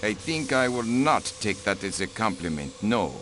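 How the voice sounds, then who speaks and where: A man's voice: fairly low pitch, very animated, moderate pace, a bit bright, a little hiss or hum. A man voicing a haughty, protective aristocratic diplomat in a mystery game. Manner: haughty, clipped and dismissive. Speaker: count and diplomat. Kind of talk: video game voice acting.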